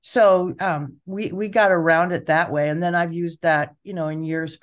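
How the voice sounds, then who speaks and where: A woman therapist telling stories in conversation, acting out quotes with lively jumps in her voice. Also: moderate pace. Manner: animated, acts out quotes with pitch jumps. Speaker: family therapist. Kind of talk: conversational storytelling.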